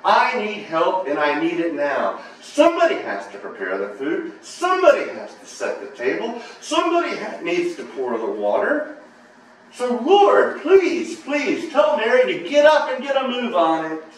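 A pastor voicing an overworked, frustrated woman who pleads for help in a shrill, exasperated way. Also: huge pitch swings, a little slow, far from the mic, full character voice. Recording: echoey sanctuary from afar.

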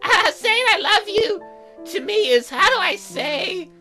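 A woman voicing a giddy, creepy young noblewoman in a sing-song, high baby-talk voice while playing a game. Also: animated, unhurried, pushed and bright, soft background music, exaggerated voice. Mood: gleeful. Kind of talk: let's play character voice.

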